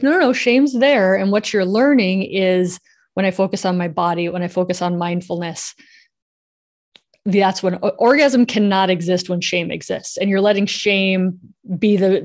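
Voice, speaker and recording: A woman's voice: mid-range voice, a little mellow. A woman hosting a live podcast, answering listener questions in a chatty way with many fillers. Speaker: podcast host and sexual health coach. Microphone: headphones with mic.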